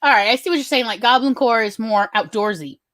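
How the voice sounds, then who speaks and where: A woman co-hosting a casual chat show talks in loose, rambling stories full of fillers. Her voice sits a bit high. The sound is dry and close, with no room around it. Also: expressive, fast, fairly bright tone, no room sound. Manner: chatty, rambling storyteller with many fillers. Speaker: podcast co-host.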